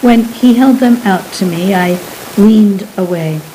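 A woman narrating a story in the first person, slow and hushed with fear. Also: medium pitch, slight background noise, rough recording.

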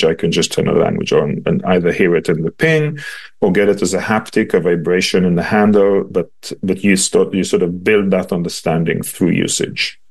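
Low-voiced man calmly explaining a product. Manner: measured, patient explaining with frequent ums and restarts. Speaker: device designer. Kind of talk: explanatory interview answers.

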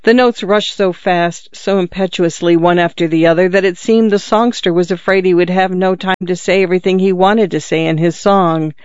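A narrator reading a classic story in a measured, descriptive way. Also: mid-range voice, fairly even intonation, a little mellow, clear, resonant tone, dry recording, muffled recording. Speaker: audiobook narrator.

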